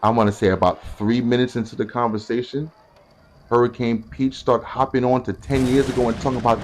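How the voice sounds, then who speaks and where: A young man telling a story casually, animated and profane, acting out what other people said. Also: mid-range voice, a little fast, a little hiss or hum.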